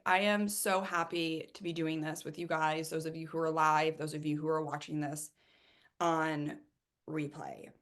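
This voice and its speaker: A woman's voice: low-pitched, a bit bright. A woman from Ohio hosting a live webinar, talking in an enthusiastic, chatty way and often repeating herself. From Ohio, USA. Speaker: webinar host and coach.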